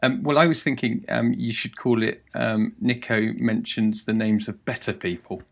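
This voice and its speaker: A man guesting on a podcast, answering with dry, deadpan jokes in casual chat. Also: mid-range voice, moderate pace, vocal fry, highs cut off. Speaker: podcast guest, comedy writer.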